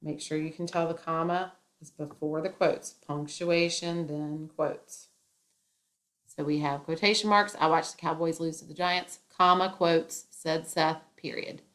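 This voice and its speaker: Lady teaching grammar step by step, a bit low-voiced, jokey asides here and there. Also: steady tone, a little slow, fairly bright tone. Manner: explaining step by step with playful asides. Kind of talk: classroom grammar lesson.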